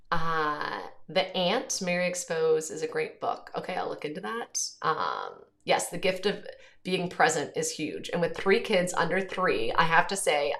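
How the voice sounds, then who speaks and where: An Irish woman in her thirties hosts a casual livestream, reading comments aloud and answering them. Her voice sits fairly low, and she talks in an earnest, conversational way, pausing often to gather her thoughts. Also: a bit bright. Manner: earnest, conversational, frequent pauses. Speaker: host.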